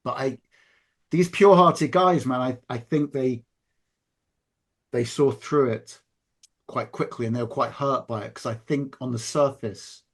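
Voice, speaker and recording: A man's voice: mid-range voice, measured pace, long pauses. A man in casual conversation, talking earnestly and with emphasis, often restarting his sentences.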